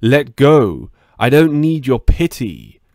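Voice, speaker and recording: A man's voice: medium pitch, sing-song, slow, dry recording, studio quality, voice pushed up. A man voicing a furious young woman. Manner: shouting, defiant. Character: angry young woman fighting off an attacker.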